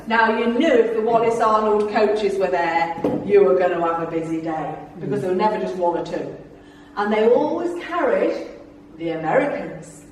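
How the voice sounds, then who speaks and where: A woman's voice: medium pitch, measured pace, darkish tone, distant mic, slight background noise. Chatty woman in an echoey room. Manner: chatty and jokey, laughing often and bantering with the audience. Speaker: guest speaker at a club. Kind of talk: humorous anecdotal talk to a live audience. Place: club meeting room.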